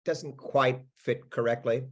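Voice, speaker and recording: A middle-aged American man, an actor being interviewed, talking in an animated, chatty way with restarts and laughs. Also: mid-range voice, a little slow. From United States. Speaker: actor guest. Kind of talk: casual interview chat.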